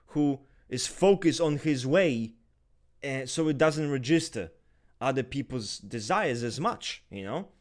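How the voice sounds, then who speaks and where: A married man co-hosting a podcast, talking in a reflective, halting way with frequent restarts. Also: mid-range voice. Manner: reflective, halting, many restarts and "you know". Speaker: podcast co-host. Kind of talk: casual chat.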